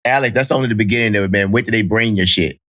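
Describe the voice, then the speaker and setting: A man co-hosts a podcast in loose, emphatic banter. His voice has a strikingly bright, forceful edge. He keeps cutting in with quick asides. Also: lowish voice, no room sound, clean studio sound. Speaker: podcast co-host. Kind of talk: casual podcast chat.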